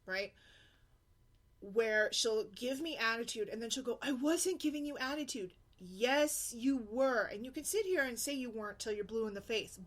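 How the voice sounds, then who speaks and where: Exasperated mom venting bluntly. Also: female voice, medium pitch. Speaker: single mom blogger. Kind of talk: casual vlog rant.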